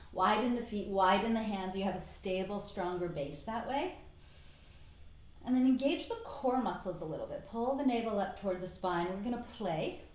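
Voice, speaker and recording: Leading a yoga class in a very echoey room, this middle-aged woman speaks in a mid-range voice, her instructions calm and encouraging. Her exhales are soft, and moving around leaves her a little out of breath.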